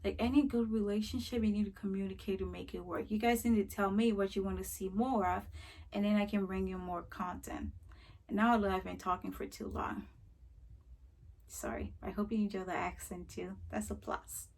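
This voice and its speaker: A woman's voice: medium pitch, steady tone, moderate pace, a little mellow. A young woman vlogger talking casually to camera in a chatty, rambling way. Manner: chatty, rambling, friendly sign-off.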